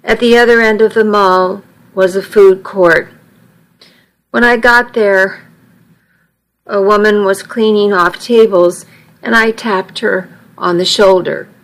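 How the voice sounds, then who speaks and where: A woman reads a first-person story aloud at a slow, careful pace. Her voice sits at an ordinary pitch. She sometimes trips on a word and restarts the phrase. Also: steady tone, low-quality recording. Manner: reads with small slips and restarts. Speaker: narrator.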